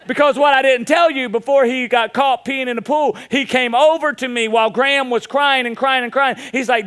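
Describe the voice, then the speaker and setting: A man in his thirties preaching a sermon, telling funny stories with animated delivery. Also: very high-pitched, fairly quick, hardly any pauses, clean tone. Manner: storytelling, joking, animated. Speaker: pastor.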